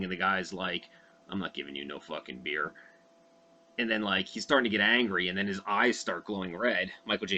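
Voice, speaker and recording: A young man with a bright, forceful voice pitched a little low, talking through a movie plot off the top of his head. He rambles and swears freely, stacking fillers and side comments as he goes. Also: a little hiss or hum. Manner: profane, loose and rambling, with many fillers. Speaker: host recounting a movie. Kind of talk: casual rambling recap.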